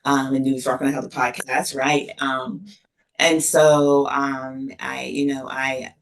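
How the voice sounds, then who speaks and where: A middle-aged woman, a university dean, talking earnestly and emotionally in an interview, with many pauses and restarts. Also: extremely low pitch, level tone, vocal fry. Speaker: associate dean of students, podcast guest. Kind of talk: casual interview conversation. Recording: distant mic.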